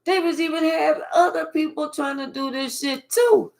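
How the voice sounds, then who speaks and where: Slow, profane woman doing a tarot reading. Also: sits high, creaky, darkish tone. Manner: profane, repetitive, slow drawl. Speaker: tarot reader. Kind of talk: live psychic reading.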